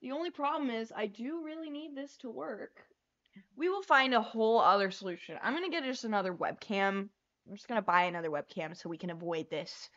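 Young woman streamer, kinda high voice, frazzled and laughing thru tech fails, dull lo-fi sound. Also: fairly quick, a bit bright. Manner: flustered, laughing, swearing at tech trouble. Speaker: livestream host. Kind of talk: casual livestream chat. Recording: lo-fi stream audio.

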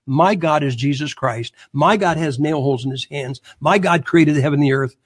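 A man speaking as a guest on a religious talk show, combative and mocking, with a husky voice. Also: fairly high pitch, moderate pace. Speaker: guest preacher.

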